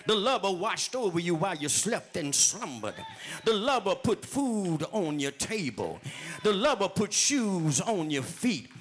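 A man preaching a sermon, speaking straight to his congregation, with repeated refrains that build up to shouting. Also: high-pitched. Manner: addresses the congregation directly, calling for testimony.

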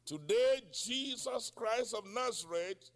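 Delivering a sermon at an unhurried pace, this sixty-something man has a very high, expressive voice. He questions the congregation call-and-response style and cries out as he prays.

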